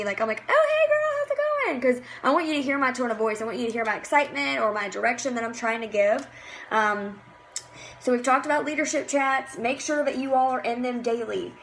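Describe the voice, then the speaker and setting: A chatty woman with a slightly high voice coaches her sales team in a casual, motivational way, her talk packed with fillers like "you know" and "like". She often slips into cheery sample messages. A faint hiss sits under the recording. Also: fast talker. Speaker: team leader in direct sales.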